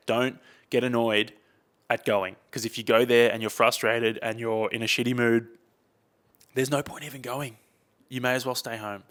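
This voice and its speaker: Aussie bloke rambling on his podcast, chatty, says mate a lot, lowish voice. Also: a bit bright. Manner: rambling, chatty, uses slang like mate and dude. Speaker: podcast host. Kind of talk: casual solo podcast chat.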